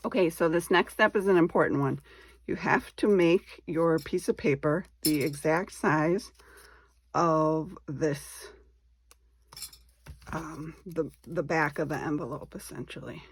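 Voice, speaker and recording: A woman's voice: low-pitched, a little slow, breathy edge. A woman hosting a casual craft tutorial, chatting and thinking aloud as she works, easy on her own mistakes. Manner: chatty, thinking aloud while working, self-deprecating. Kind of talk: casual step-by-step craft demonstration.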